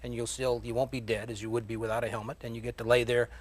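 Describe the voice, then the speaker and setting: Male panelist, quick and matter-of-fact, mid-pitched. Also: level tone, no echo. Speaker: panel guest. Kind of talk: panel talk show debate.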